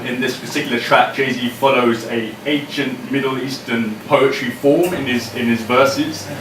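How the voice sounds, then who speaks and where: A man from Britain, a poet, chatting with a live audience and performing his poems with a rhythmic delivery. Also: medium pitch. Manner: chatty and self-deprecating, then rhythmic declaiming. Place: live event venue. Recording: echoey room, distant mic, noisy.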